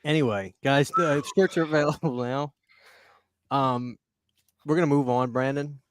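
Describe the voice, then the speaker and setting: A man's voice: medium pitch, normal speed, no echo. A man hosting a casual podcast chat, laid-back and laughing often between fillers. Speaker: podcast host.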